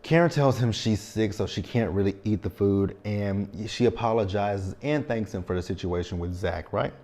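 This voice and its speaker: A man's voice: fairly low pitch, moderate pace, darkish tone. A man in his thirties recapping a TV episode in a casual vlog, talking frankly and checking in with tag questions. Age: 30s. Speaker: TV show recap reviewer.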